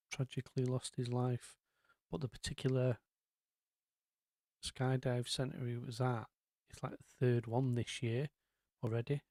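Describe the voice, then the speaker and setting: A man rambles through a casual live stream, drifting onto tangents with plenty of ums and asides in a chatty manner. His voice is mellow and low-key, captured close in a dry recording with no room sound.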